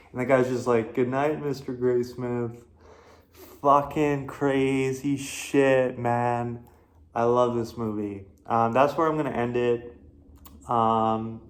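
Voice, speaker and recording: A man hosting his own horror film review, talking casually with lots of fillers, restarts and swearing. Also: medium pitch. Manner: rambling, profane, many fillers and restarts. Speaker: host.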